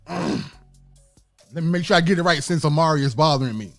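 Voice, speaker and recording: A man hosts a casual podcast, laughing and stumbling as he works through his points. His voice sits high and moves a lot in pitch. Faint music plays behind him. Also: expressive, moderate pace, gravelly. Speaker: podcast host.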